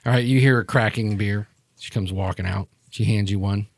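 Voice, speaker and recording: A man's voice: lowish voice, steady tone, fairly quick, no room sound. A man running a tabletop game as game master, narrating loosely and casually.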